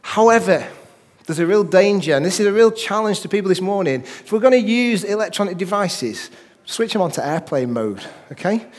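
A man preaches a sermon in a high voice. He slows right down when he reads scripture and keeps slipping in jokey asides to the congregation. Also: animated. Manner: reads scripture slowly and deliberately. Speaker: pastor.

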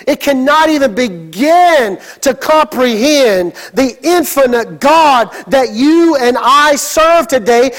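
Man preaching a sermon, very high voice, slow drawn-out pace, dramatic bursts of shouting. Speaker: pastor.

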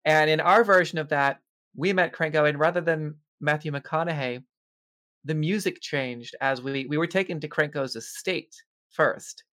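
Casual co-host, mid-pitched voice, lively storyteller who laughs easily. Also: normal speed. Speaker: podcast co-host. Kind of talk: casual chat.

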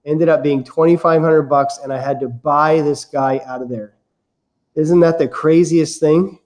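Male guest, lively anecdotal storyteller, mellow tone. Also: a little high, measured pace. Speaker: guest real estate investor. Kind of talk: casual storytelling.

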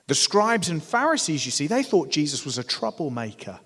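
A man preaching a sermon, emphatic, swelling to loud declarations and asking his listeners rhetorical questions. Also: on the high side, big pitch swings, brisk, breathy edge. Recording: long hall reverb.

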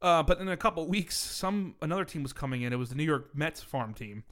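A male podcast co-host in loose, casual banter, tossing off jokes and profanity between laughs. His voice sits a little higher than most men's. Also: fairly even intonation, brisk, fairly bright tone. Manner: profane, joking, laughs often. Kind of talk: casual banter about baseball.

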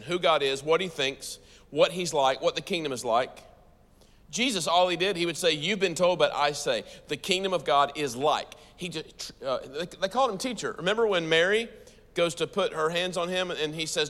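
A man with an American accent preaching a sermon to a church audience, talking fast and lively and turning to the crowd with questions. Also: a little high, big-room sound. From United States. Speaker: pastor.

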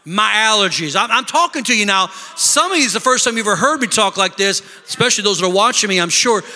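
A man preaching a sermon as pastor, breaking into shouts and acting out the complaints of his listeners. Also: high-pitched, expressive, quick pace. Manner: preaching with bursts of shouting and mimicked complaining voices. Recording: long reverb of a large hall.

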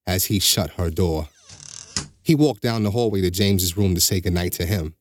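A man narrating a bedtime story slowly and steadily, giving each character a voice. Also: low voice. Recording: music bed behind the voice.

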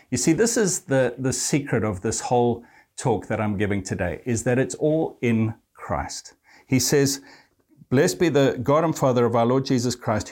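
A man preaching a sermon, speaking directly to his listeners and quoting scripture, slowing down and lifting his pitch on key phrases. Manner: warm pastoral address to listeners, quoting scripture.

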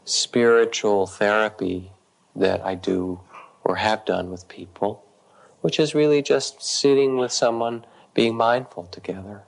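A man, a meditation teacher, telling a story in a soft-spoken, unhurried way with pauses between short phrases. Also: lowish voice, vocal fry, rough recording. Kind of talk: storytelling dharma talk.

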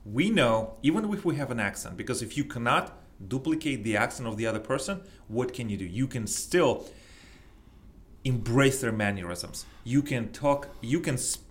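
A man's voice: medium pitch, expressive, moderate pace. Eager male host coaching on conversation. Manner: eager, coaching, finishes the other's sentences. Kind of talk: casual chat.

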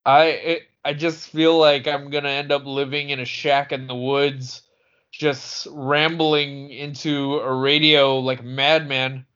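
Slow, halting man on a podcast. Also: medium pitch, little pitch movement, a bit bright, clear, resonant tone, highs cut off. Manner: halting, full of fillers and restarts. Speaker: podcast co-host. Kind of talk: casual chat.

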